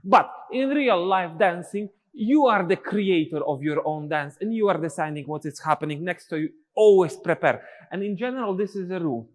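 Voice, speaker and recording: A man's voice: sits high, moderate pace, few pauses, big-room sound. A male dance teacher, explaining steps and counting rhythms aloud in syllables. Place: dance studio.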